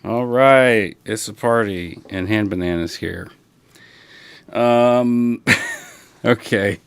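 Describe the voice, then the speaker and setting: A man hosting a livestream, chatting casually and rambling in a relaxed way, talking through a broadcast console. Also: on the low side, takes it slowly, gravelly, a little hiss or hum. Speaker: livestream host. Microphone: broadcast console setup.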